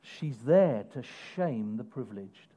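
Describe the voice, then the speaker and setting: A man preaching a sermon in an animated way, putting questions to the congregation. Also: medium pitch, unhurried. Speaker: pastor.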